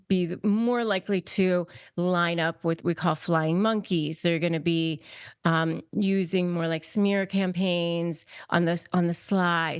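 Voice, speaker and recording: A woman's voice: lowish voice, clean tone, dry recording, studio quality. A woman attorney giving advice as a podcast guest, speaking emphatically, repeating key phrases and restarting often. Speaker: guest, attorney and negotiation expert.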